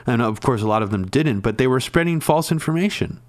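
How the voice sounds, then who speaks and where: A man co-hosting a casual political discussion, ranting and exasperated, halting with fillers. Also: medium pitch, animated, no room sound. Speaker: political commentary co-host.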